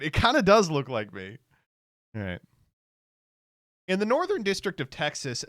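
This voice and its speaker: Sarcastic streamer guy, pitch jumps all over, smooth clean voice, laughs a lot reading posts. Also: fairly bright tone, no room sound, studio quality. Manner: sarcastic, laughs often, reads text aloud. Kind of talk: casual stream commentary.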